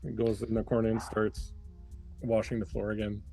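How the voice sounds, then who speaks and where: A man's voice: on the low side, completely flat delivery, normal speed, gravelly, dark tone, faint music behind. A man running a tabletop game as game master, narrating loosely with plenty of fillers and restarts.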